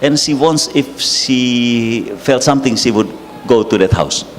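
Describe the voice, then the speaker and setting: A Filipino priest with a Filipino accent telling a personal story in an emotional sermon, laughing at himself. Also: male voice, mid-range voice, measured pace. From Philippines. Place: church hall. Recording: reverberant hall, faint noise.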